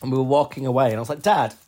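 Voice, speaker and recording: A man from Huddersfield with a Yorkshire accent, co-hosting a casual podcast chat, telling stories with deadpan jokes. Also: medium pitch, racing. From Huddersfield, England. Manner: chatty storyteller, deadpan jokes. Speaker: podcast co-host.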